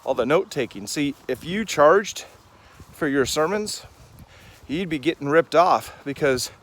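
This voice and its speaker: A man's voice: fairly high pitch, expressive, measured pace, a bit bright. Rambling man chatting to farm animals. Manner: rambling, chats fondly to his animals. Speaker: Christian vlogger. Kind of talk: casual devotional vlog during farm chores. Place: outdoors on a rainy farm and in a chicken coop. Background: chickens clucking nearby.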